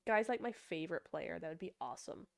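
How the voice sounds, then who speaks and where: A young woman casually chatting with her livestream chat as an esports caster and analyst, bubbly and quick to laugh. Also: fairly low pitch, lively intonation, creaky, no echo, clean studio sound.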